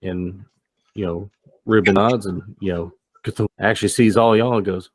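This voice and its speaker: Low-voiced man narrating as game master. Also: fairly even intonation, normal speed, no echo. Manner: casual, rambling, many fillers.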